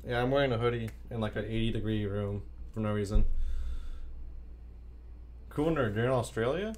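A man's voice: on the low side, normal speed, darkish tone, a little hiss or hum. A man streaming a video game, chatting playfully and answering his viewers' chat as he plays. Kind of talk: casual live-stream chat.

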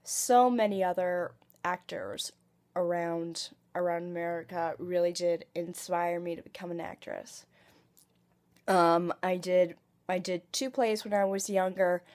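A woman vlogging about herself, with a cold, speaking in a halting way full of ums, likes and restarts. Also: lowish voice, fairly even intonation, darkish tone. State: has a cold. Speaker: vlogger and aspiring comic actress. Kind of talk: casual home vlog monologue.

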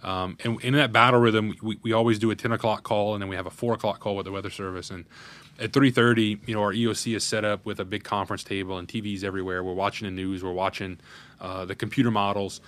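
A man's voice: on the low side, steady tone, fast, fairly bright tone. A man, a parish president telling a candid, earnest story in an interview. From Louisiana, USA. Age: 30s. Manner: earnest, candid, recounting a crisis in detail. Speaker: parish president, podcast guest.

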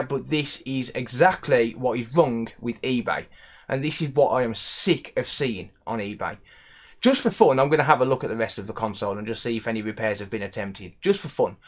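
Brief: young West Midlands man, repair tech vlogger, irritated rant, mid-pitched voice. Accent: West Midlands English. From England. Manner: annoyed, ranting, repeats himself. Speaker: electronics repair technician. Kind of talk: casual vlog commentary.

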